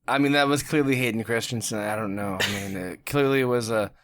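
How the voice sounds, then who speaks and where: A man hosting a podcast in casual chat, talking in an animated way, swearing freely and often laughing. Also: medium pitch, fairly quick. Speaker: podcast host.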